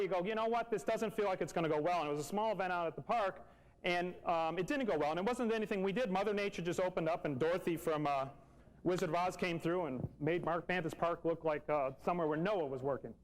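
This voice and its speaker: A man's voice: high-pitched, fast talker, poor audio. A man, telling a personal story earnestly and repeating phrases for emphasis. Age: 40s.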